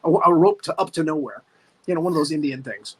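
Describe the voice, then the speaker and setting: A man co-hosting a podcast, recapping a monster movie in a lively way, laughing often and acting out the scenes. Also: on the high side, quick pace, slightly rough. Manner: animated, laughing, acts out scenes. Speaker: podcast co-host.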